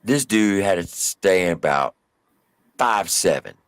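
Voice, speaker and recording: A man co-hosting a live stream, telling a story casually with drawn-out emphasis and mild cursing. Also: low-pitched, animated, no echo.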